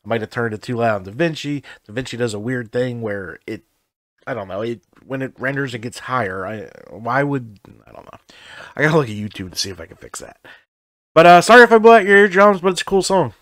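A man of middle pitch co-hosts a casual podcast from his home studio office. He rambles loosely, trails off mid-thought and drops casual swears. The sound is close and dry, with no room echo. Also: animated, a little fast, fairly bright tone. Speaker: podcast co-host. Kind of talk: casual chat.

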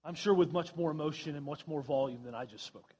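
A pastor preaching a sermon in a church, talking earnestly with frequent restarts and reading scripture aloud. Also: male voice, on the high side, fast talker, mellow, husky. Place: church sanctuary.

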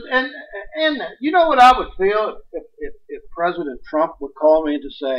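A man preaching a sermon in a folksy, emphatic way, swinging between loud points and hushed ones. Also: sits high, very animated, moderate pace. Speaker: pastor. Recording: dull distant livestream sound.

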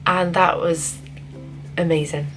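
Gushing young woman with a lowish voice. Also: takes it slowly, soft background music, low-quality recording. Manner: gushing and excitable, often restarting sentences. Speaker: vlogger reviewing a film. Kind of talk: casual spoiler review to camera.

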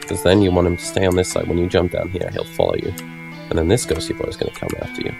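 A man with a low, gravelly voice talks through a video game run, explaining his tactics in a casual tone. His delivery swings up and down a lot. Game music plays clearly behind him. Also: sing-song, fast talker. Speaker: gameplay commentator. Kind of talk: let's play commentary.

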